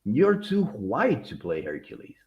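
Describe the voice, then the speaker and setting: A man co-hosting a casual podcast, talking slowly but with a lively, swooping pitch. He rambles and restarts his sentences. The audio is dull and lo-fi. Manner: animated, rambling with restarts and laughter. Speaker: podcast co-host. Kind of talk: casual chat.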